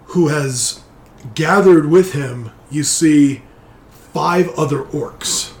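A man's voice: on the high side, drawn-out words, a little hiss or hum. A man narrating as game master, setting scenes loosely with frequent fillers. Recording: roomy echo.

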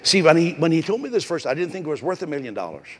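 A male pastor preaching a sermon with a raspy voice, emphatic and repetitive, calling out to the congregation. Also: on the high side, sing-song, racing. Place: church. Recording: echoey hall.

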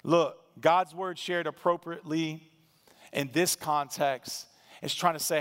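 Higher-voiced pastor preaching in a reverberant hall. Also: male voice, fairly even intonation, slow pace, a bit bright, clean tone. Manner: conversational, emphatic, with dry asides. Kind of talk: sermon.

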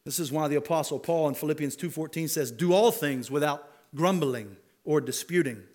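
A man's voice: a little high, normal speed, a little mellow. A man preaching a sermon as pastor, talking conversationally and building to emphatic rhetorical questions. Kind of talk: expository sermon.

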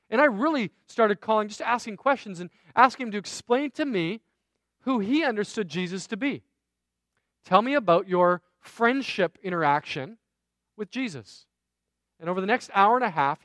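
A man's voice: high-pitched, animated, fairly quick, fairly bright tone, no echo. Conversational male pastor telling a story. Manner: conversational storytelling, self-deprecating asides. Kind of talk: sermon.

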